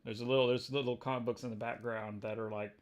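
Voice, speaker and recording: Guy geeking out over comics, rambly and excitable, mid-pitched voice. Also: fast. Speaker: comics video host. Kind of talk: casual comic book review.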